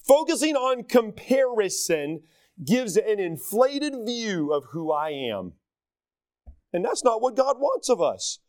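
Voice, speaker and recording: Southern US pastor, middle-aged man, high voice that swings widely, dry close sound, animated sermon delivery with acted-out quotes. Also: slow pace, dry recording. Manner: animated, acts out quoted voices, self-deprecating.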